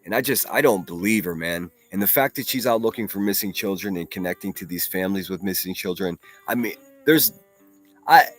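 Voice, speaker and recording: A man hosting a casual solo livestream, reading viewer comments aloud and talking bluntly with plenty of profanity. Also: fairly low pitch. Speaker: livestream host.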